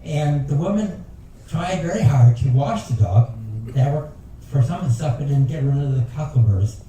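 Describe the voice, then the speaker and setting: An older man with a fairly high, dark-toned voice tells jokes at normal speed in an animated way, with some background noise. At a passenger talent show, he does stand-up as a folksy storyteller full of rambling asides. The recording is echoey and taken from a distance.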